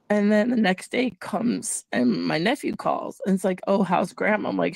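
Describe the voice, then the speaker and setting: A woman with a gravelly, creaky edge to her voice tells a personal story in a casual chat. She talks in an animated way and slips into the voices of the people she quotes. The recording is dry and close, with no room sound. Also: mid-range voice, normal speed, hardly any pauses, dry recording. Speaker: host.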